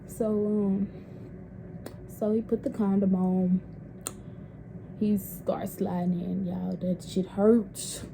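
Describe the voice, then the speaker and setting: A woman's voice: mid-range voice, level tone, slow, gravelly, pauses often, noisy background. A young woman telling a personal story in a casual vlog, candid and profane. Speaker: vlogger.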